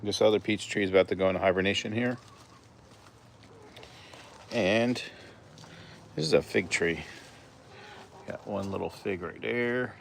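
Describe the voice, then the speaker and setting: A man filming his backyard chickens on a handheld phone, chatting in a relaxed, rambling way and talking to his hens outdoors. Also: on the low side, measured pace, gravelly, long pauses, slight background noise. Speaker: backyard chicken keeper, vlogger. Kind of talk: casual walk-and-talk vlog. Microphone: handheld phone camera.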